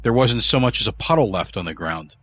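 A man narrating a horror story in a measured, dark storytelling manner. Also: lowish voice, animated, faint music behind.

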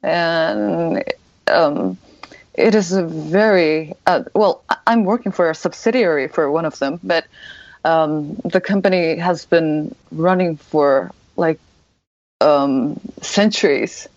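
A woman's voice: sits low, slow pace, a little mellow, no room sound, highs cut off. A woman from Japan who speaks English as a second language, co-hosting a casual podcast, hesitant with many ums and giggles. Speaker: podcast co-host. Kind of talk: casual chat.

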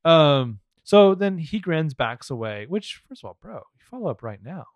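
A man's voice: fairly high pitch, sing-song, moderate pace, no room sound, highs cut off. A man co-hosting a podcast, joking and sarcastic as he recaps a TV show. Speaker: podcast co-host. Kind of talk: casual TV recap chat.

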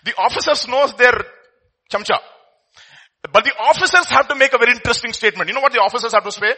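Husky, bright-voiced preacher. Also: male voice, extremely high pitch, quick pace. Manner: expressive preaching with rhetorical questions, voice rising and dropping sharply; reads scripture aloud. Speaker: pastor. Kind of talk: sermon.

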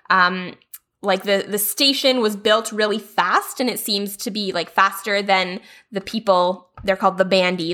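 A woman's voice: medium pitch, fairly bright tone. A woman co-hosting a podcast, chatting casually about a TV episode with many fillers and laughs. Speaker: podcast co-host. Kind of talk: casual chat recapping a TV episode.

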